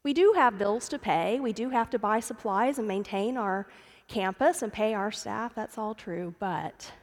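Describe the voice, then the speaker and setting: A woman's voice: medium pitch, a little slow. A middle-aged woman pastor giving a sermon, telling a family story and calling her congregation "friends". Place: church sanctuary. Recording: long church reverb.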